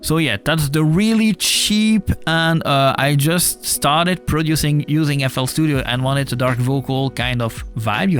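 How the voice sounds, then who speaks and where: A man's voice: a little high, creaky, a bit bright. A man with a non-native English accent, casually explaining a music production tutorial over a desktop mic, with filler uhs. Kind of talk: screen-recorded software tutorial. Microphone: desktop USB mic.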